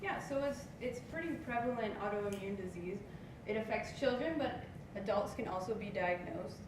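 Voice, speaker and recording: A woman's voice: mid-range voice, expressive, moderate pace. A woman researcher giving a practice presentation, a bit hesitant with fillers, in a sing-song pattern. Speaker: researcher, workshop participant. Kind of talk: practice presentation and feedback chat. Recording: distant mic in an echoey room with noise.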